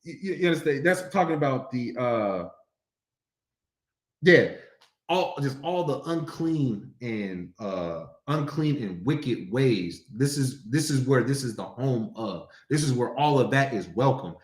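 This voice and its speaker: Male scripture teacher, preachy, declaims verses; average pitch, echoey room sound. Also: lively intonation, measured pace. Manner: preachy, checks in often with rhetorical questions; reads verses in a raised, declaiming voice. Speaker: religious class teacher. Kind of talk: scripture study lecture.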